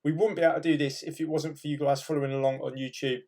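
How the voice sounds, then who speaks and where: A man's voice: on the high side, flat delivery, quick pace, creaky, a little mellow. A man hosting his own vlog, chatting upbeat and casual from his van. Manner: upbeat, says brilliant a lot. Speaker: vlog host. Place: in a van, then outdoors.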